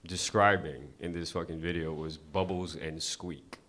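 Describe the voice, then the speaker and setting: Low-voiced man doing stand-up. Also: steady tone, measured pace, a bit bright. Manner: casual, profane, conversational delivery. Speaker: stand-up comedian. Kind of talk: open-mic stand-up set. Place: comedy club stage.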